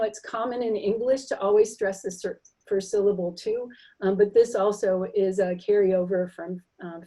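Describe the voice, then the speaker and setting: A middle-aged woman gives an explanatory linguistics lecture. Her voice is warm and mellow with a slightly husky edge. She demonstrates example sounds aloud and fills pauses with the odd um. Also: mid-range voice, low-quality recording. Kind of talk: recorded library lecture with slides.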